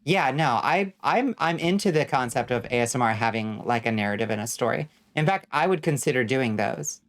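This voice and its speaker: A woman's voice: rumbling low, animated, fairly quick. A young adult woman streaming a game, chatting casually and reacting to chat in a wry, blunt way with some swearing. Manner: wry and blunt, reading chat aloud and riffing with frequent swearing.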